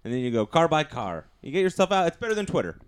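A man's voice: fairly high pitch, sing-song, fast, clean tone. A man co-hosting a comedy podcast, adding wry jokes in casual banter. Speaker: podcast co-host.

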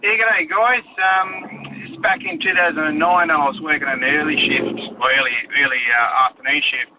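A man's voice: fairly high pitch, steady tone, moderate pace. An Australian man calling in to a radio show, telling a cheeky story in a laid-back way. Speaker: radio caller. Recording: noisy phone line.

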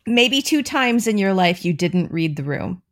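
A woman's voice: mid-range voice, sing-song, unhurried. Woman hosting a parenting podcast, encouraging, turns stories into lessons. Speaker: podcast host. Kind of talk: casual podcast chat.

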